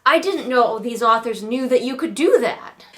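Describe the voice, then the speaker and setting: A woman's voice: on the high side, lively intonation, normal speed. A woman with a nasal voice, sitting in a chair at home and giving a sarcastic, casual critique of a book. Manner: sarcastic, snarky. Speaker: book reviewer.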